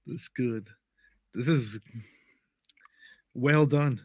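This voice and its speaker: A man co-hosting a live reaction stream, relaxed and appreciative. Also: mid-range voice, very slow, no room sound. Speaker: co-host.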